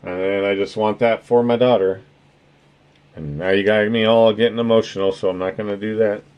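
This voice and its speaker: A man's voice: fairly low pitch, steady tone, moderate pace, clear, resonant tone, lo-fi sound. A man chatting casually on his livestream, rambling and earnest, swearing freely as he thanks his viewers. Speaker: streamer.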